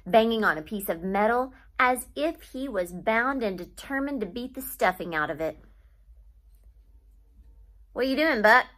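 Woman reading a children's novel aloud. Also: medium pitch. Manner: steady storytelling, pausing to name literary devices.

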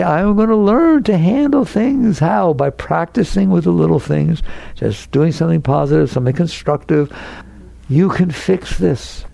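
Male spiritual teacher giving an inspirational talk, gravelly and slightly high, swoops around a lot, acts out worried voices. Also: no room sound. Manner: animated, acts out neurotic inner voices.

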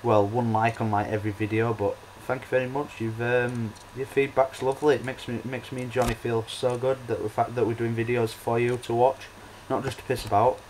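A young man chats his way through a computer game, hesitant and rambling, stopping for ums and restarts. His voice sits at a middling pitch. Faint keyboard clicks and a light hiss sit behind him. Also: little pitch movement, fairly quick, hardly any pauses, a little mellow, low-quality recording. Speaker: let's play host. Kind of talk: casual gameplay commentary.

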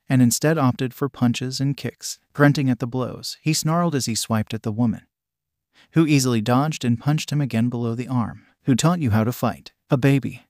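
A man narrating a fan-fiction story in a steady storytelling manner. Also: mid-range voice, no echo, clean studio sound.

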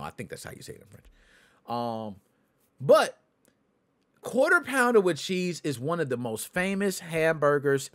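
A man's voice: high-pitched, fairly bright tone. A man hosting a gaming podcast, chatting casually and addressing his viewers directly while answering their comments. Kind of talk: casual livestream chat.

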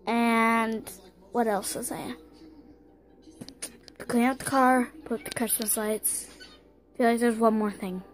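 A young woman from Wisconsin, a vlogger rambling casually and excitably while a bit sick, filming on her phone at home and out on the porch. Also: a little high. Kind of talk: casual vlog chat. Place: home, then outdoors on a porch in snow. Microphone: handheld phone.

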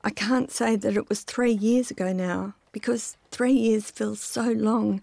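Gravelly woman reading her memoir. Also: mid-range voice, steady tone, measured pace, hardly any pauses, a little mellow, no echo. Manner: intimate, reflective, first-person telling. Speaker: memoir narrator. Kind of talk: scripted personal memoir narration.

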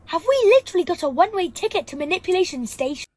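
A woman doing a squeaky cartoon dinosaur. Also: expressive. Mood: mock-dramatic. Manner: goofy, playful, quick meme delivery. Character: giggly cartoon dinosaur, silly and meme-crazy. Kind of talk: meme parody skits and rap covers. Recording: loud music bed behind the voice. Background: loud music.

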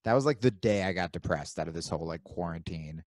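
A man from New Jersey co-hosting a podcast, telling animated stories with plenty of swearing and acting out his own inner voice. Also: low-pitched, fast talker, no echo. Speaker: podcast co-host. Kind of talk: casual chat.

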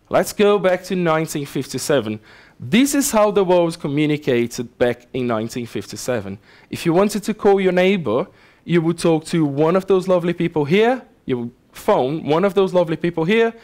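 A man giving a casual, lively technical talk at a conference, often checking in with the audience. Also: a little high. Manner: casual, animated explaining with asides to the audience. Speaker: conference speaker. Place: conference hall.

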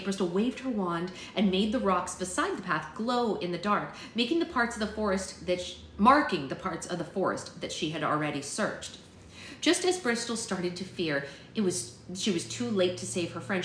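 Woman reading a kids book out loud, steady, echoey room. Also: mid-range voice, normal speed, a little hiss or hum. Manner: steady, plain storytelling with small slips. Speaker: book club host reading aloud. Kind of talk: children's book read-aloud narration.

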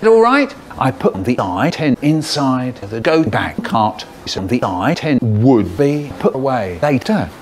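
A man's voice: medium pitch, animated, a little slow, hardly any pauses, a little mellow. A British man telling a wry, theatrical story about his work as a cashier. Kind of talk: anecdotal storytelling.

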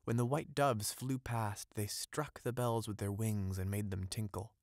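A man narrating an audiobook of a classic fairy tale, in a steady, ornate storytelling read on a close mic. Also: lowish voice, unhurried, no room sound.

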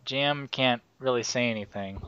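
A man hosting a casual group chat, reading listener questions aloud in a halting way with fillers. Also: mid-range voice, pushed and bright, smooth. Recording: dull, dry lo-fi mic.

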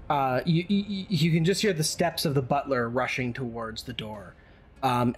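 Slow, halting male game master. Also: medium pitch. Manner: descriptive, halting narration with fillers. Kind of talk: narrating a tabletop game.

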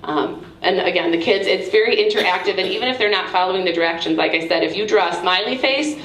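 A woman's voice: on the low side, fast, fairly bright tone. A woman casually explaining a math tool to teachers at an event. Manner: chatty, informal. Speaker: presenter. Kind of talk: casual demo talk. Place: museum event room. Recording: echoey room.

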